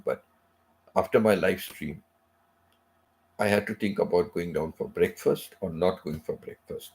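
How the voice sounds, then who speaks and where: Middle-aged guy on a live stream, low gravelly voice, rambles on with lots of you-knows, a bit under the weather. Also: measured pace, long pauses, a little mellow. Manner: rambling, repeats phrases, many "you know" asides. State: unwell, recovering from sickness. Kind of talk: casual chat.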